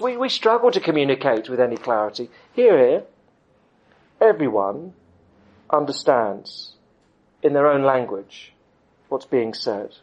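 Man, middle-aged, preaching; emphatic, pauses for effect, mid-pitched. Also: very animated. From United Kingdom. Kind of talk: sermon.

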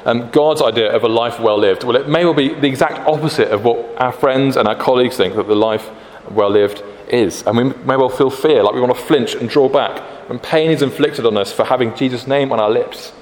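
A man's voice: mid-range voice, brisk, few pauses. A British man preaching a sermon in a conversational way, with frequent fillers and restarts. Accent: British English. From Britain. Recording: echoey hall, faint background noise.

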